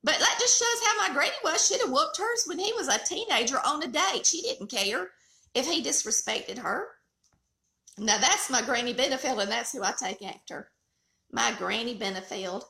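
Southern middle-aged woman, high lively voice, folksy storyteller, bright tone in an echoey kitchen. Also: normal speed, gravelly. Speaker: cooking channel host. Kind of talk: casual storytelling chat.

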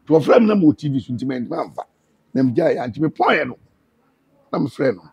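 A man with a Ghanaian accent, a guest telling his story in an animated, casual way and acting out what others said. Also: mid-range voice, a little fast, creaky, husky, no echo, dull audio. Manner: animated, quotes others in dialogue. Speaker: interview guest.

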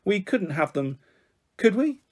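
A man voicing a polite, earnest young schoolgirl in a storybook reading, with a softly raised voice. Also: high voice, very animated, unhurried, pitched above the performer's own voice, exaggerated voice.

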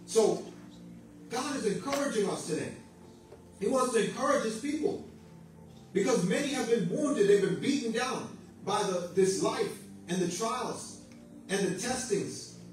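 A man with a high voice preaches a sermon, pressing his congregation with repeated phrases and calls for an amen. His voice rings through a very echoey church from a distance from the mic, over a faint hiss. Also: expressive, measured pace, long pauses. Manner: exhorting with call-and-response amens and repeated phrases.

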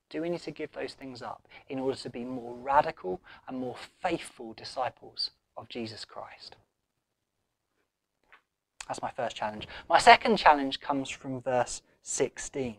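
A man's voice: on the high side, no echo. A man with an English accent preaching a sermon in an earnest, questioning way, his voice swelling and then dropping almost to a whisper. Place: church.

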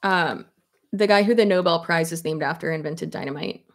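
A YouTuber in her thirties chats casually while doing her hair at her desk in a home office, rambling and laughing a lot. Her voice is fairly low, and she talks at a moderate pace.

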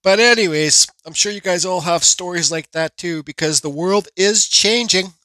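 A man in his forties rambles through a casual vlog voiceover, with many restarts and asides. His voice sits a little high and sounds bright and forceful. It is recorded close and dry. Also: normal speed, no room sound. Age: 40s. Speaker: woodcarving channel host.

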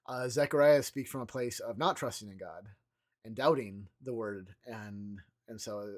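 A man leading a morning prayer, explaining a scripture passage in a loose, conversational way with frequent pauses and restarts. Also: mid-range voice. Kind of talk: informal devotional teaching.

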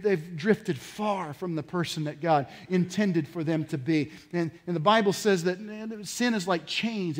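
A man preaching a sermon as pastor, acting out quotes and building from quiet stretches to loud shouted peaks. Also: sits high.

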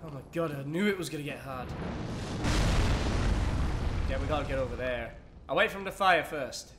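Over game music, a gaming channel host does let's play commentary in a fairly high-pitched voice at a moderate pace, and the recording is very noisy. He panics as he plays his own game, yelping and swearing along the way.

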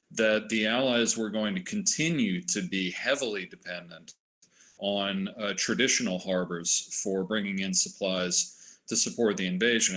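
Low-voiced man explaining history. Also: a bit bright. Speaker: historian on a panel. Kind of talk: panel discussion.

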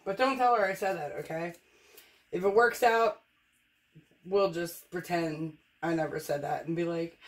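A woman with a lowish voice and a slightly slow pace demonstrates fluid art as a painter. She chats in a joking, self-deprecating way and narrates each step while she works.

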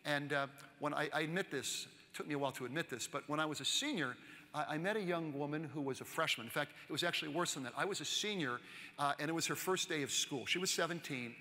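A man in his sixties tells a long story at a keynote, chatty and quick to ask the crowd questions. His voice sits a little high and has a bright, forceful edge. The sound carries the long reverb of a large conference hall. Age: 60s. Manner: lively, chatty, asks the audience questions. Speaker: keynote speaker.

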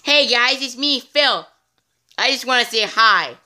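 A man's voice: extremely high pitch, lively intonation, measured pace, sharp tone, exaggerated voice. A man playing a naive, clueless grown man in a fan-made skit, sounding bewildered.

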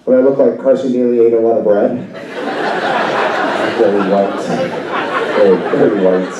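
A man doing a stand-up set on stage, Spanish his first language, lively and quick to slip into put-on voices, with an audience laughing. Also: highs cut off, over a noisy crowd. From Salvadoran and Brazilian family. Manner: animated, jumps into high put-on voices for bits. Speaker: stand-up comedian. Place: comedy club stage. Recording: distant mic in a noisy, echoey club.

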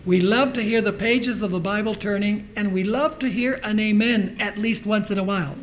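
A man's voice: high-pitched, moderate pace, a little hiss or hum, poor audio. A middle-aged man preaching a sermon in a church, reading scripture aloud and asking the congregation rhetorical questions. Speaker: pastor.

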